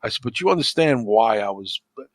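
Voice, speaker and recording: A man's voice: fairly low pitch, lively intonation, brisk, dry recording. A man chatting as a podcast guest, telling stories with plenty of swearing and acting out the arguments he quotes. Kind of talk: casual chat.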